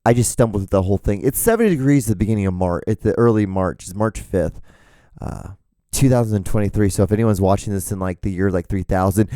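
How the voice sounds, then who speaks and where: A man's voice: low-pitched, quick pace, mellow, no echo. A man hosting a solo podcast, rambling and profane and poking fun at himself, his voice wearing out. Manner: rambling, profane, self-deprecating. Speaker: podcast host.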